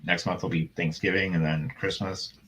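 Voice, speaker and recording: A laid-back man in his thirties with a very low voice, chatting casually as a co-host. He rambles through his thoughts with a dry, sarcastic edge. A faint hiss of noise sits under the recording. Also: little pitch movement, normal speed, a bit bright, poor audio. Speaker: podcast co-host. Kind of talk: casual chat.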